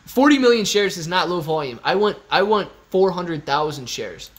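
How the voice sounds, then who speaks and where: Male streamer, slightly high pitch, casual and joking, reads chat aloud. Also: expressive, moderate pace. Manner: joking, loose, talks to chat by name. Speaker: livestream host. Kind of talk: casual livestream chat reading comments. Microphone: phone used as webcam.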